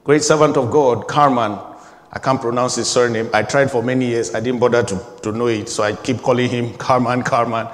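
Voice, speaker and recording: A man's voice: medium pitch, fairly even intonation, fairly quick, big-room sound. A man in his forties preaching a sermon, emphatic and repetitive, building in intensity. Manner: emphatic, repeating phrases, rising intensity.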